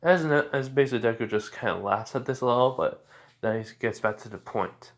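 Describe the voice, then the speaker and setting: A man with a medium-pitched voice speaks fairly quickly as he improvises a fan story. He rambles, with many fillers and restarts.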